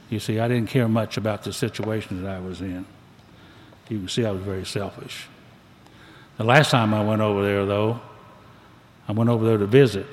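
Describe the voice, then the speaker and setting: A man's voice: medium pitch, a little mellow. An older man speaking to a recovery meeting, telling his story in a folksy, plainspoken, drawling way. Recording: echoey hall, faint background noise.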